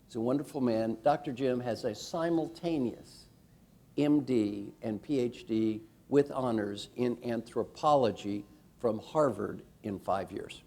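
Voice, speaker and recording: A man's voice: mid-range voice, measured pace. A man leading a workshop as a coach, talking playfully and rallying a live audience. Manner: animated, playful, rallying the crowd.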